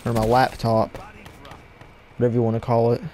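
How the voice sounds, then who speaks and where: A man giving live gameplay commentary at his computer desk at home, excitable and yelling at opponents in bursts, on a cheap mic with no windscreen. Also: mid-range voice, normal speed, a little hiss or hum. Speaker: gaming channel host. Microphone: cheap headset mic without windscreen.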